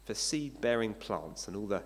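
A man's voice: lowish voice, lively intonation, moderate pace. A male pastor giving a sermon in a conversational way, asking his listeners rhetorical questions. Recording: long hall reverb.

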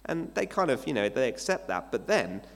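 A man's voice: mid-range voice, sing-song, normal speed, creaky. Conversational male pastor in a reverberant hall. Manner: conversational preaching with rhetorical questions. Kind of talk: sermon.

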